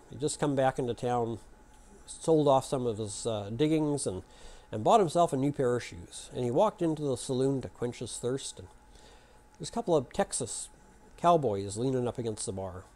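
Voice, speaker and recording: A man's voice: mid-range voice, darkish tone. A man hosting his own video channel, telling stories and jokes in a folksy, chatty, rambling way. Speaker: YouTube channel host. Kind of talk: casual storytelling and joke telling to camera.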